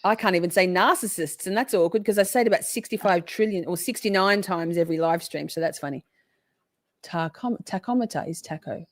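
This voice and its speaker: An Australian woman hosts a livestream, chatting casually and reading viewer comments aloud with frequent laughs. Her voice is fairly low and brisk, with no room sound.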